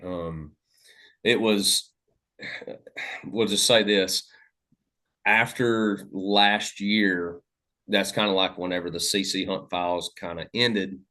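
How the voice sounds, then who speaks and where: Low-voiced Southern podcaster, rambling. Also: male voice, steady tone, slow, long pauses, sharp tone. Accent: Southern American. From Southern United States. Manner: rambling, many fillers and restarts. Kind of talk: casual storytelling conversation.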